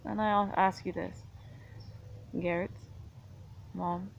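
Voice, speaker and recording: A woman's voice: on the low side, steady tone, drawn-out words, creaky, lo-fi sound, slight background noise. A woman talking casually, hesitant at times and arguing her point. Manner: argumentative, hesitant with fillers. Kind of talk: casual monologue.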